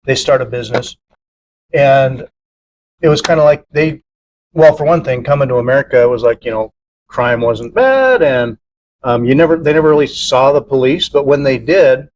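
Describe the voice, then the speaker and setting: A man's voice: mid-range voice, animated, moderate pace, darkish tone, lo-fi sound. A man in casual podcast chat, rambling with many fillers and acting out quoted dialogue in a raised voice. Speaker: podcast co-host.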